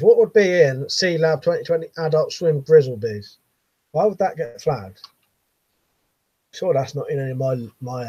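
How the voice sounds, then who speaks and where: A man's voice: mid-range voice, a little mellow, husky, no room sound. An English man in his late thirties hosting a casual live chat from his bedroom, reading viewers' messages with easy, chuckling banter. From England. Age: 30s. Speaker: livestream host reading chat.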